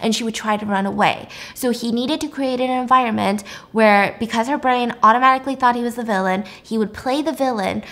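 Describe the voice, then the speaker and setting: A woman's voice: on the high side, fairly quick, hardly any pauses. Chatty young woman recapping a film. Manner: chatty, animated storytelling with frequent fillers. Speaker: YouTuber.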